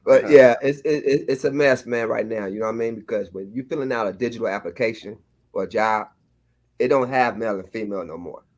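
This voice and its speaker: A man in a casual chat who speaks haltingly, often stalling while searching for a word. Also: on the low side, darkish tone.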